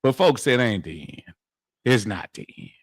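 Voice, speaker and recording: A man co-hosting a casual sports chat, joking with a drawn-out delivery. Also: fairly low pitch, big pitch swings, slightly rough, no room sound, clean studio sound. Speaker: sports podcast co-host.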